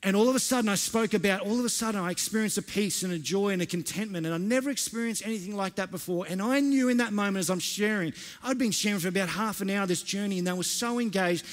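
A man's voice: sits high, fast, few pauses. Earnest male pastor in reverberant hall. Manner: earnest storytelling with frequent restarts. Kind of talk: sermon.

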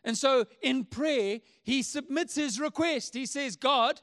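Very high-voiced male pastor preaching. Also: unhurried, fairly bright tone. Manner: earnest, emphatic preaching with repeated phrases. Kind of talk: sermon.

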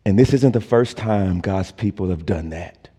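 A male pastor preaching a sermon, slow and deliberate, rising to emphatic peaks. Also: low voice, mellow, slightly rough. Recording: long church reverb.

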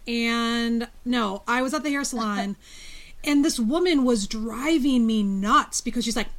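A woman's voice: on the high side, measured pace. A woman co-hosting a podcast, frank and opinionated as she tells stories casually. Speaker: podcast co-host; teacher. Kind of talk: casual discussion.

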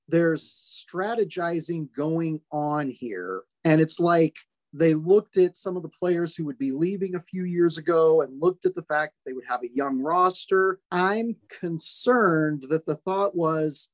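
Measured male podcast host, dry sound. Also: on the high side, expressive, no room sound. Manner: measured, deliberate, emphasizes caveats. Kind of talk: casual sports chat.

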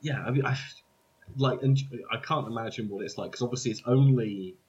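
A man co-hosting a film podcast, talking quickly in a casual, filler-heavy way. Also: mid-range voice. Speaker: podcast co-host. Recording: dull lo-fi mic.

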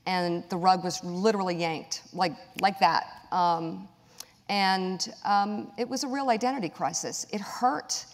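A woman's voice: on the low side, measured pace, a little hiss or hum. A middle-aged woman being interviewed before a live audience, telling a personal story candidly. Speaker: guest, author. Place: large hall with audience. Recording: long hall reverb.

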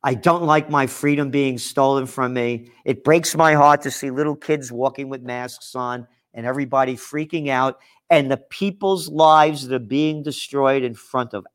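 A man from the Bronx, hosting an angry, profane commentary monologue with frequent shouting. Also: a little high. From New York (the Bronx). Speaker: host and trend forecaster.

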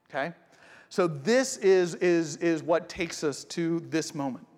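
A pastor preaching a sermon, talking conversationally and directly to the congregation. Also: male voice, a little high, a little slow, darkish tone. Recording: long hall reverb.

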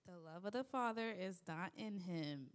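A woman from the congregation calmly reading a scripture passage aloud at the pastor's request. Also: fairly low pitch, normal speed.

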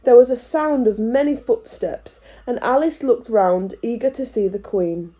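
Mellow and a little high, this woman's voice moves a little slowly as she reads a children's classic for an audiobook. Between chapters she chats and pokes fun at herself, after starting with a chatty introduction.

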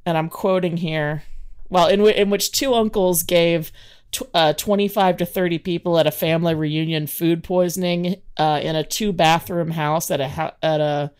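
A woman co-hosting a comedy podcast, trading deadpan quips and reading listener stories. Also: lowish voice, clean tone. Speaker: podcast co-host.

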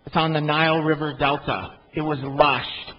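Male pastor mid-sermon, expressive with emphatic bursts, a touch high-pitched, dull recording. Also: normal speed, soft background music. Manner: animated, rising to loud emphatic peaks.

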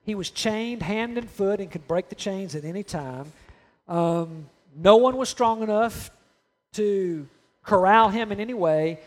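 A man as pastor delivering a conversational sermon, often checking in with the congregation and acting out imagined voices. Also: sits high.

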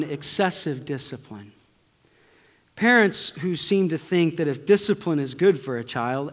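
A middle-aged male pastor preaching a conversational sermon to his congregation, swinging between loud bursts and near-whispers. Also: medium pitch. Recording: long hall reverb.

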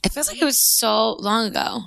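A young woman co-hosting a podcast, rambling and gushing with plenty of fillers. Her tone is bright and sharp, and heavy vocal fry creaks through her phrases. It sounds like relaxed chat between friends. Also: a little high, moderate pace. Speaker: podcast co-host. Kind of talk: casual chat.

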